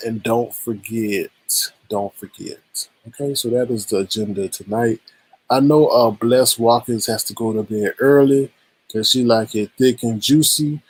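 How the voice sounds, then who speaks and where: A man's voice: mid-range voice, darkish tone, no room sound, poor audio. A man hosting a live-stream gossip commentary show, teasing and exclaiming as he greets the chat and runs through the night's topics. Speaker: host.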